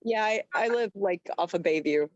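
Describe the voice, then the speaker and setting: A woman's voice: medium pitch, brisk, a little mellow, no echo. Easygoing woman on dull call audio. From South Florida. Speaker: group member on a call. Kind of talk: casual video call chat.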